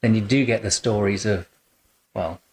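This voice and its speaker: A man's voice: on the low side, normal speed, background noise. Chatty male photographer host. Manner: warm, rambling, chatty with many restarts and fillers. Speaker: boudoir photographer and podcast host. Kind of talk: relaxed conversational interview. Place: photo studio.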